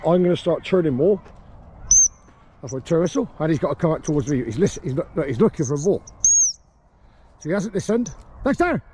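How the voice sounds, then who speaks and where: Male dog trainer, mellow voice, calm explainer, recorded outdoors with faint background noise. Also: fairly high pitch, fairly quick, pauses often. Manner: calm explaining, with sharp shouted commands to a dog. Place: small grass sports field outdoors.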